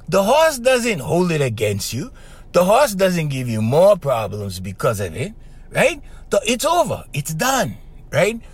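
Lively high-pitched podcast host. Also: male voice. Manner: animated storytelling, keeps asking "right?"; trained singer's strong voice. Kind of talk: casual podcast monologue.

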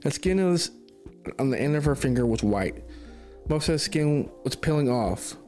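A man's voice: fairly high pitch, lively intonation, moderate pace, darkish tone, faint music behind. A man narrating a spooky story for a podcast, reading steadily with small stumbles.

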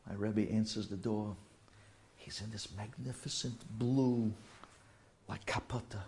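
A man telling an emotional personal story in a halting way, dropping to whispers and mixing in Yiddish and Hebrew terms. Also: on the low side, steady tone, darkish tone, a little hiss or hum.

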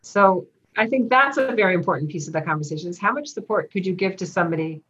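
A middle-aged woman speaking frankly in an interview, with a dark, wry humor. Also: lowish voice, lively intonation, quick pace. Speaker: guest. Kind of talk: candid interview talk. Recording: slightly dull lo-fi sound.

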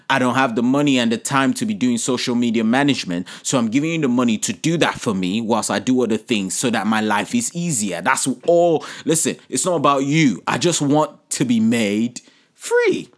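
A man hosting a podcast, giving lively, preachy business advice and speaking straight to his listeners. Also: medium pitch, moderate pace. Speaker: podcast host. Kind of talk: motivational business talk.

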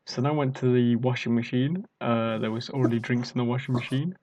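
A man's voice: medium pitch, fairly even intonation, brisk, darkish tone, lo-fi sound, a little hiss or hum. A young British man casually telling a rambling, self-mocking party story. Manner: rambling, self-mocking, acts out drunk quotes.

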